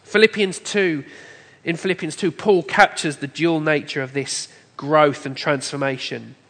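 A man preaching a sermon to a congregation, in a measured, emphatic way that builds his points through lists. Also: on the high side, fairly even intonation, fairly bright tone. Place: church hall. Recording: long hall reverb.

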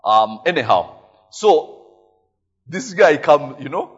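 A man with a Ugandan English accent preaching a sermon, telling stories in a lively way, tagging his lines with "eh?" and laughing often. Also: fairly high pitch, slow pace, husky, muffled recording. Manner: animated storytelling, frequent "eh?" tags, laughing often. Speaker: pastor.

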